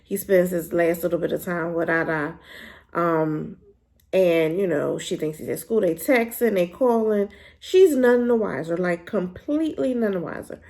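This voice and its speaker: A woman giving a casual, animated spoken review of a drama, talking in a colloquial, emphatic way. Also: moderate pace. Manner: animated, emphatic, colloquial with pitch jumps when worked up.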